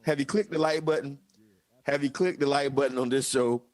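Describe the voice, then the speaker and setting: A young man hosting a live show, hyping the audience with excited, repetitive banter. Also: mid-range voice, fairly quick, no room sound. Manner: excited, repeats himself, hypes the audience. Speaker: host. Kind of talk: casual live-stream chat.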